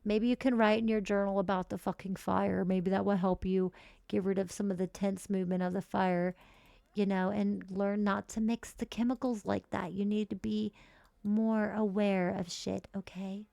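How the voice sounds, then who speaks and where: A woman streaming live gameplay, chatting casually and cursing freely while voicing her characters in quick high asides. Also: level tone, gravelly, mellow, no echo. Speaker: streamer playing a life-simulation game.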